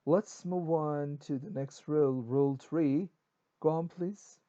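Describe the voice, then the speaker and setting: Mellow-voiced man teaching grammar. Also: fairly high pitch, slow pace, lo-fi sound. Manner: explains in short bursts with many okays and uh fillers. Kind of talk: classroom grammar lesson.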